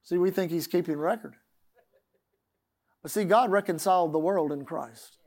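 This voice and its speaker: A male pastor delivers a sermon in a notably high voice. He is emphatic, swinging from loud declarations to hushed, confiding asides. He stretches key phrases and stresses them word by word. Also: normal speed.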